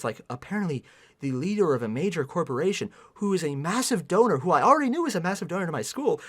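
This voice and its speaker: A livestreamer reading a novel aloud and mocking it with sarcastic, exasperated commentary, swearing and sighing often. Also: medium pitch. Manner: sighs often between passages. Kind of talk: sarcastic running commentary on a book.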